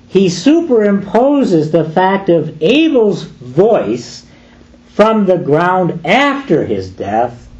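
A man's voice: fairly high pitch, darkish tone. A man preaching a sermon, emphatic and full of rhetorical questions, on a dull lo-fi recording.

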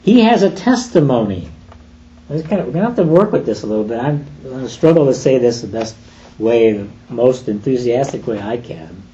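A man's voice: medium pitch, animated, fairly quick, dark tone. A man preaching a sermon, emphatic and full of rhetorical questions, on a dull lo-fi recording.

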